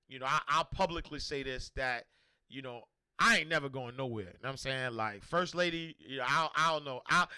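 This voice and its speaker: A man from Harlem with a New York accent, hosting a casual livestream and talking in an animated, slangy, repetitive way. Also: fairly high pitch, smooth, no echo. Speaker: host.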